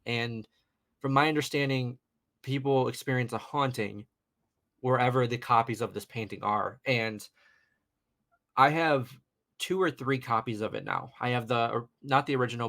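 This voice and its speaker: A man's voice: mid-range voice, expressive, normal speed, a bit bright. A young man in his twenties, a guest paranormal investigator, telling a personal story casually on a podcast, rambling with many fillers. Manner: chatty, rambling, lots of fillers and "you know".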